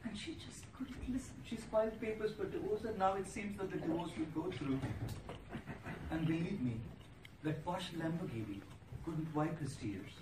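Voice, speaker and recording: A man, a monk giving an inspirational public speech, telling stories and listing words with pauses for effect. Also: high voice, lively intonation. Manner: storytelling, rhetorical, lists words with pauses. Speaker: monk giving a motivational talk. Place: large hall before an audience. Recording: echoey hall, distant mic, noisy.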